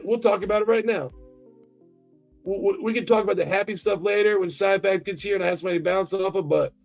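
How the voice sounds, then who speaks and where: Here an American man with a high, creaky voice hosts a livestream. He chats casually with his viewers, rambling on and cursing freely.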